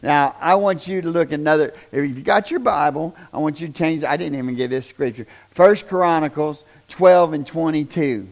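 A man preaching a sermon, folksy and repetitive, swinging from shouts down to near-whispers. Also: on the high side, normal speed, few pauses. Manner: folksy, repeats "do you understand".

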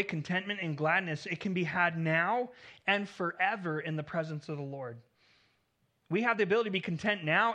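A man delivers a sermon with a high, bright voice. He preaches earnestly, rising in volume on key points, then dropping soft at the ends of phrases, and he sometimes repeats a word as he restarts. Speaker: pastor.

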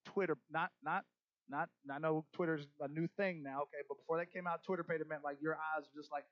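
A male pastor preaching a sermon, animated, swinging between loud emphasis and soft asides. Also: on the high side, a little fast, no room sound, highs cut off.

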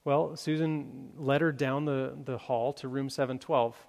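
Gravelly male pastor, halting storyteller with lots of restarts, preaching in a reverberant sanctuary. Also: mid-range voice, fairly even intonation, a little mellow. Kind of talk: sermon with story illustration. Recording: long hall reverb.

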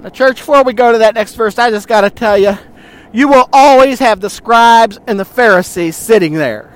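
A man's voice: sits high, normal speed. A male pastor preaching a sermon, speaking directly to the congregation and retelling scripture with rhetorical questions.

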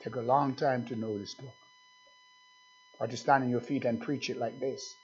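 A man's voice: medium pitch, wildly swooping pitch, moderate pace, a little hiss or hum. A man preaching a sermon, emphatic and repetitive, calling out to his congregation with questions. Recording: dull lo-fi recording.

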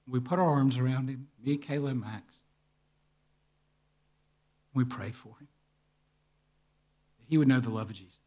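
A man's voice: medium pitch, moderate pace, long pauses. A man preaching a sermon, telling a story vividly and acting out the dialogue. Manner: quiet, earnest. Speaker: pastor.

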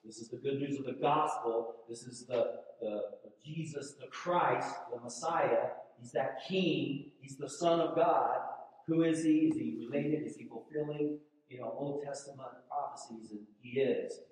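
Pastor preaching in an echoey hall. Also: male voice, mid-range voice, a little slow. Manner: emphatic preaching, swinging between loud declarations and hushed asides. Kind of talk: sermon. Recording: echoey hall, mic from a distance.

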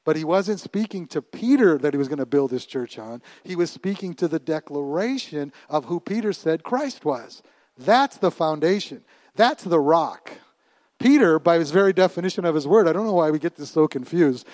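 Delivering a sermon, this middle-aged pastor is animated and laughs often, sinking to a hush and then climbing back to loudness while repeating himself frequently. He speaks at a normal speed in a fairly high pitch, with no room sound.

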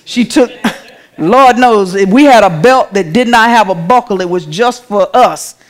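A woman's voice: medium pitch, unhurried. A woman, preaching a sermon in a church in a conversational way, calling out to the congregation.

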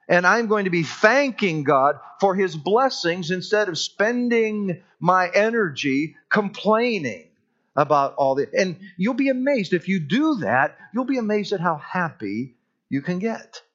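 A man preaching a sermon as pastor in a church, earnest and emphatic, slowing down on key words. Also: sits high, a bit bright, lo-fi sound.

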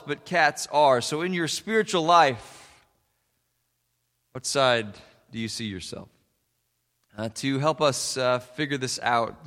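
A man's voice: mid-range voice, fairly bright tone. Folksy pastor man in an echoing hall. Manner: folksy storytelling with many fillers. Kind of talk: sermon.

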